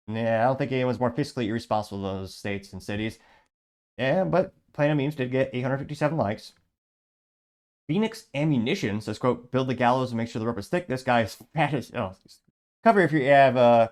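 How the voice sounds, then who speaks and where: A show host from Illinois reads social media posts aloud on his commentary show, tacking on rambling, sarcastic remarks and often restarting. His voice is medium-pitched, animated, brisk and a little mellow.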